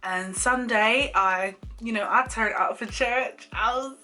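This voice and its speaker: Woman vlogger, young, bright voice, chatty storytime, faint music bed. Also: a little high, slow. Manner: animated, laughing often, acts out quoted lines. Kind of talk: casual storytime chat.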